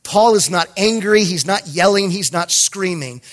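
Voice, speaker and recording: A middle-aged man, a pastor, preaching a sermon with animated storytelling and emphatic points. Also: high voice, moderate pace.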